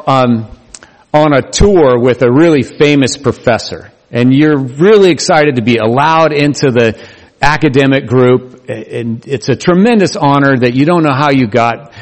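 A man preaching a sermon in a conversational, animated way, acting out the voices he quotes. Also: medium pitch. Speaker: pastor. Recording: long hall reverb.

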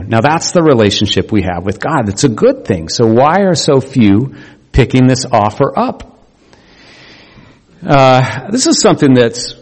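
A man's voice: medium pitch, a little mellow. A man preaching a conversational sermon as pastor, folksy and rambling, correcting himself as he goes. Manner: folksy, rambling, self-correcting, acts out quotes with a raised voice. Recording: long hall reverb.

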